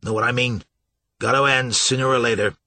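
A man voicing a gruff, stubborn middle-aged riverboat captain who talks in a rough folksy dialect. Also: mid-range voice, fairly even intonation, brisk, pushed and bright, no room sound. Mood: earnest.

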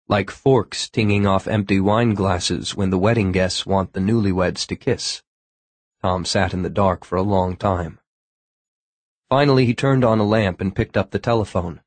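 Reading from a script, this low-voiced man narrates an audiobook in a dry recording. He tells the story in a steady, measured way.

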